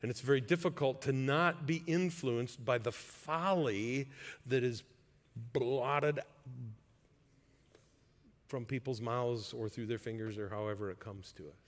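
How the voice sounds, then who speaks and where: A man's voice: medium pitch, a little slow, pauses often, big-room sound. A man preaching a sermon as pastor, earnest and conversational, building to emphatic points.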